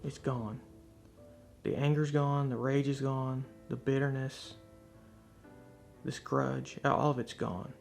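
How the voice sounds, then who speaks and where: A man speaks in a candid, reflective way, telling his personal testimony. His mid-pitched voice is deeply gravelly, full of vocal fry. Faint guitar music plays quietly behind him. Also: little pitch movement, takes it slowly. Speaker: speaker sharing a faith testimony.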